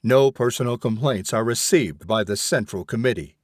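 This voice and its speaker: A man's voice: mid-range voice, normal speed, no room sound, close to an everyday voice. Male reader as a bureaucratic machine committee, formal and unbending, dry sound.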